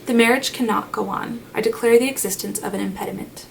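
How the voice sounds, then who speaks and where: A steady male solicitor lays out his case word by word, calm and unhurried, as a woman narrator voices him. The voice has a slight creak. It sits a little back from the mic over a faint hiss. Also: mid-range voice, distant mic, close to an everyday voice, low-quality recording. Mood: firm.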